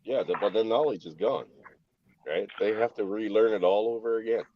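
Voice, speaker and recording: A man's voice: lowish voice, brisk, lo-fi sound, a little hiss or hum. A man in casual group chat, talking emphatically and swearing freely. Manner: profane, emphatic.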